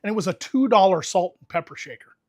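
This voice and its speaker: A man's voice: high voice, animated, quick pace, a little mellow, no room sound, studio quality. A man casually telling a long, profane story to friends on a stream, talking with lots of energy.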